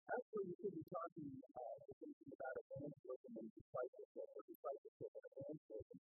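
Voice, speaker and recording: A man's voice: extremely high pitch, wildly swooping pitch, fast talker, gravelly, no room sound, narrow, tinny audio, soft background music. An older man preaching, telling his testimony earnestly and building to emphatic declarations. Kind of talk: testimony sermon.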